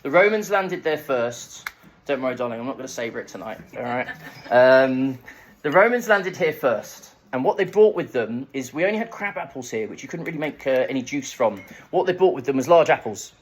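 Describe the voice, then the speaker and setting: A man's voice: medium pitch, lively intonation, a little fast. A young Englishman giving a comic local-history talk at a festival, chatty and self-mocking, with jokey asides to the audience. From England. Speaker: festival speaker. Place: live event room with an audience.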